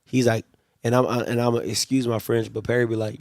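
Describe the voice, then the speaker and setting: A man's voice: mid-range voice, little pitch movement, normal speed, no echo, clean studio sound. A man hosting a live stream, talking in a casual, rambling and exasperated way and often repeating himself. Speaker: livestream host. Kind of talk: casual sports commentary.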